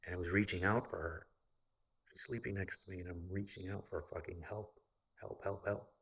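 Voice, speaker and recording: A man with a low, husky voice tells a personal story in a loose, rambling vlog monologue. His tone is forceful and bright-edged, and he swears freely as he talks. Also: steady tone, brisk. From United States. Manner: profane and rambling, with frequent fillers. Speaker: vlogger.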